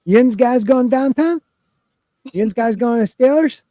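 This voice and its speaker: A man's voice: very high voice, unhurried, mellow, no room sound. A man on a podcast panel, joking with dry humor in casual chat.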